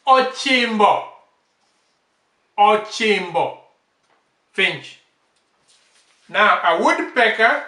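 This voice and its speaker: A man teaching bird names, saying each word slowly and repeating it several times. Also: high voice, pushed and bright. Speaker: language teacher. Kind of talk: slow vocabulary lesson, repeating each word. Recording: echoey room, off-mic.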